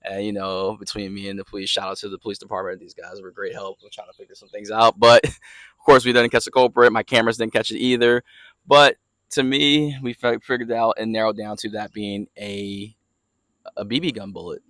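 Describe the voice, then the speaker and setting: Walking around outside in his yard while filming himself, a young car vlogger tells an easygoing, filler-heavy story in a rambling way. His fairly low voice is flat and brisk, with a slight brightness. The sound is dry and close-miked, nearly free of room tone.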